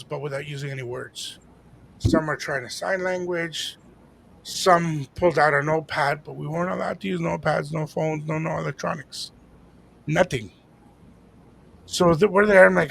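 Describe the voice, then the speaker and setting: A man co-hosting a podcast, telling a story in a casual chat and acting out the dialogue with lively energy. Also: fairly high pitch, creaky. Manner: animated, acts out quoted dialogue. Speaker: podcast co-host.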